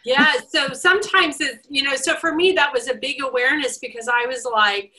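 A woman's voice: high-pitched, normal speed, bright, forceful tone, poor audio. A woman hosting a casual interview, chatty and gushing, with lots of fillers. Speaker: host.

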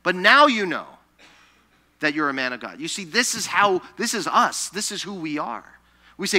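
A man preaching a sermon in a very bright, forceful voice that sits a little high. He tells scripture stories with animation, gives the people in them their own voices, and turns hushed and slow when he reads the verses. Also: sing-song. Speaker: pastor. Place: church sanctuary.

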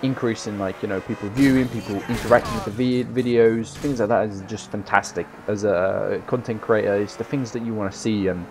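A tired young man giving casual, rambling gameplay commentary, swearing freely with loud bursts of excitement. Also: lowish voice, fairly quick, few pauses. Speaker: gaming YouTuber.

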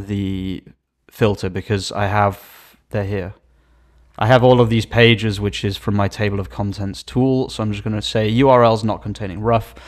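A man hosting a screen-share tutorial on search results, talking with open excitement and trailing into quiet asides. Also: lowish voice. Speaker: SEO channel host.

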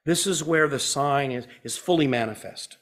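A male pastor delivering a sermon in a slightly high voice. He swings between loud, urgent emphasis and quiet, hushed passages. He puts rhetorical questions to his listeners. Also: normal speed.

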